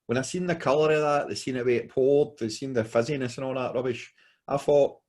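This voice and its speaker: A man's voice: medium pitch, brisk, a little mellow. A Glaswegian man talks through a beer tasting at an easy, conversational pace. He is laid-back and friendly in manner, using "mate" and "aye" constantly. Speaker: podcast co-host. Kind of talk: casual beer review chat.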